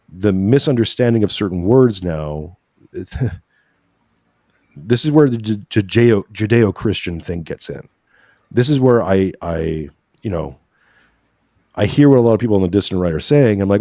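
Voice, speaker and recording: On the low side and mellow, his expressive voice moves at a moderate pace with frequent pauses, in a dry, studio-quality recording. This podcast guest talks about faith in an earnest, preachy way during a religious conversation, often adding "right?" and showing emotion at times.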